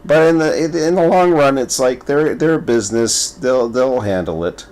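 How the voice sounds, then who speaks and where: Speaking in a mid-range voice at a moderate pace, a man provides laid-back gaming commentary for his videos. His storytelling is lively and playful, though he wanders, repeats words, and trips over his ideas.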